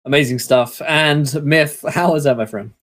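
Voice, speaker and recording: A man hosting as dungeon master on a video call, giving quick upbeat hand-offs to each player. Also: fairly high pitch, a bit bright. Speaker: dungeon master and show host. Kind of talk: wrapping up a live stream, calling on players.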